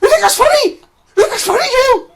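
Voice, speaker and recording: A man putting on the voice of an exasperated male head of sixth form scolding a group of boys in a high, strained yell. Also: expressive, fast, background noise.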